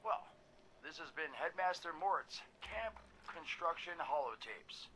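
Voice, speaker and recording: Headmaster Mort, chipper tape instructor. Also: male voice, on the high side, measured pace, a little hiss or hum, heavily acted, poor audio. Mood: instructive. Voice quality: lively, sing-song presenter voice. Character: cheery male holotape instructor, showman. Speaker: in-game holotape narrator. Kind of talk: recorded game audio tape.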